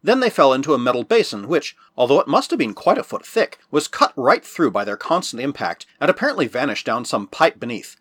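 A man reading a novel aloud as an audiobook narrator, in a measured storytelling manner. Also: mid-range voice, slightly rough, dry recording. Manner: measured storytelling with lively rises and falls.

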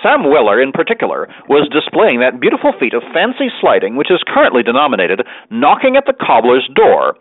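Guy reading an old novel aloud, really lively voice, tinny radio sound. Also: medium pitch, no room sound. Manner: animated, doing character voices. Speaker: narrator. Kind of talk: expressive storybook reading. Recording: tinny dry radio broadcast.

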